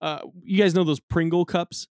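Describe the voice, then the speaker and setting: A man's voice: a little high, steady tone, moderate pace, a little mellow, dry recording, studio quality. A man co-hosting a podcast, telling stories in a casual, profane, laughing way. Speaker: podcast co-host. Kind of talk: casual chat.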